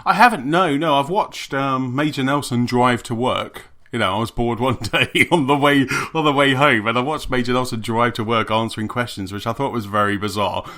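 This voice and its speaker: Male podcast co-host, bright, forceful tone, joking banter, quick laughs. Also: mid-range voice. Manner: jokey, laughs often. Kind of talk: casual chat.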